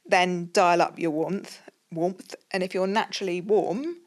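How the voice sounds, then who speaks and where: A woman's voice: fairly low pitch, measured pace. A woman with an English accent, a podcast guest, explaining leadership models thoughtfully with frequent ums and restarts. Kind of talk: casual podcast conversation.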